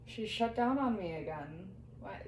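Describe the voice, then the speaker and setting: A woman working as a medium relays what a spirit tells her during a reading, quoting it and now and then breaking into laughter. Her medium-pitched voice is expressive, unhurried, and darkish, recorded in an echoey room with faint background noise.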